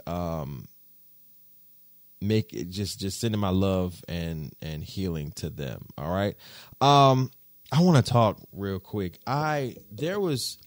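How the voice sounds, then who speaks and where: A male podcast host talking off the cuff in loose, slangy speech. His pitch leaps high and drops low as he gets into a story. The sound is dry and close, with no room around him. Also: no echo. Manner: animated, slangy storytelling with swings in pitch and loudness. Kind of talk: casual podcast monologue.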